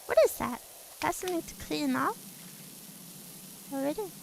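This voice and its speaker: A woman's voice: high-pitched, animated, moderate pace, gravelly, background noise. A woman streamer chatting casually with her viewers while playing a game, bubbly and giggly. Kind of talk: casual chat while gaming.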